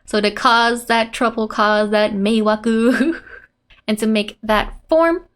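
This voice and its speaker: A woman casually teaching a Japanese lesson, laughing often and acting out quoted lines in animated voices. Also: a little high, slow.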